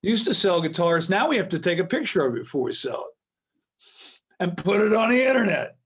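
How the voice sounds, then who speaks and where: A man's voice: sits high, very animated, normal speed, slightly rough. A man in his sixties from the United States, a guitar company founder guesting on a video-call interview, talking in a jokey, rambling way that keeps restarting. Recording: dull lo-fi video-call audio.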